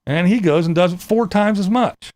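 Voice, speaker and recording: A man's voice: high voice, normal speed, a little mellow, no echo. A man hosting his own channel, delivering a profane, exasperated rant straight to his viewers. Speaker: channel host. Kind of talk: ranting vlog monologue.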